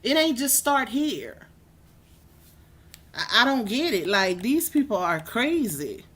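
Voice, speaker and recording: A sassy, animated woman hosts a casual livestream. Her voice sits a little high. She talks straight at her viewers from her home kitchen. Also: takes it slowly, husky. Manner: sassy, animated, calls viewers "baby" and "y'all". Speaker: livestream host.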